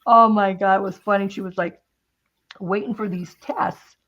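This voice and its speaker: A woman's voice: medium pitch, fairly even intonation, moderate pace, a bit bright. Rambling chatty woman, slightly muffled. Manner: rambling storyteller, many restarts. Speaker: host. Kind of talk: casual chat while crafting.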